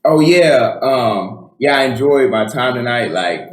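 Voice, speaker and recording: A podcast co-host chats casually in a mid-range voice with lively intonation and a measured pace. He rambles, using lots of fillers and restarts, and the recording has a roomy echo.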